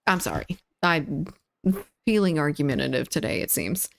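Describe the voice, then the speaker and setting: A woman's voice: deep voice, sing-song, vocal fry. A woman streams a shooter game and chats casually with her viewers. She talks in a playful, teasing way, reading their messages aloud and bantering between rounds. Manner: playful, chatty, reads chat aloud, quick laughs. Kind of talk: casual live-stream chat while gaming.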